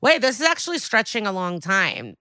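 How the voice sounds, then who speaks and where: A woman co-hosting a podcast, casually recapping a TV episode and quoting characters in lively bursts. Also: medium pitch, a little fast, no room sound, clean studio sound. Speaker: podcast co-host.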